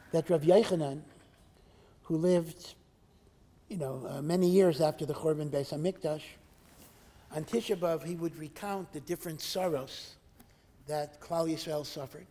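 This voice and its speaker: A rabbi giving an earnest Torah lecture, asking rhetorical questions and mixing in Hebrew and Yiddish terms. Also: male voice, high-pitched, dark tone. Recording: hall with long reverb.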